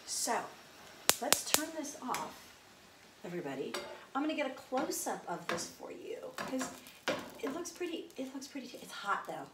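Mom vlogger in her 30s, bright higher voice, rambly, self-deprecating; roomy kitchen echo, faint hum behind. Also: recorded from a distance. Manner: rambling, self-deprecating, chatty with many fillers. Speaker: home cook vlogger. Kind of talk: casual cooking vlog chat. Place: home kitchen. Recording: echoey kitchen with faint ambience.

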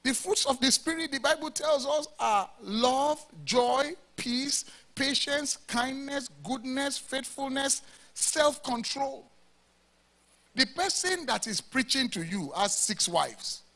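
A man's voice: extremely high pitch, takes it slowly, pushed and bright. A Nigerian pastor preaching a sermon to his congregation, with emphatic, rhetorical questions. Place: church service before a congregation.

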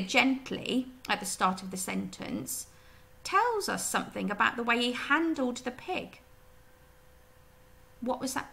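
Bright, lively woman teacher. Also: high-pitched, vocal fry. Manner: explains gently and asks the pupils questions. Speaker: primary school teacher. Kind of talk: recorded reading lesson.

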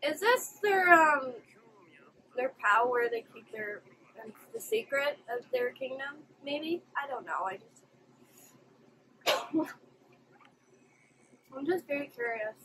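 A high-pitched woman talks through an anime episode as she watches it, gasping and exclaiming at each turn. She records at home on a desktop mic. A faint room noise runs underneath. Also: takes it slowly, long pauses, low-quality recording. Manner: expressive, exclaiming and gasping at the screen. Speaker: anime reaction host. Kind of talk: live reaction commentary.

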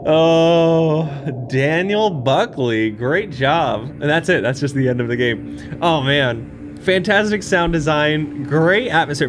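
A man's voice: medium pitch, background noise. Jumpy young man playing a horror game. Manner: jumpy, swings from hushed muttering to yelps. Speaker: gaming channel host. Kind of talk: horror game let's play commentary. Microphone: desk microphone.

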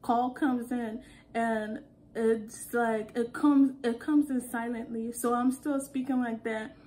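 A young woman telling work stories in an animated, casual way, laughing as she goes. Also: fairly high pitch, slow pace. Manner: animated, acts out quotes, laughs often. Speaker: call center worker. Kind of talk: casual storytelling vlog.

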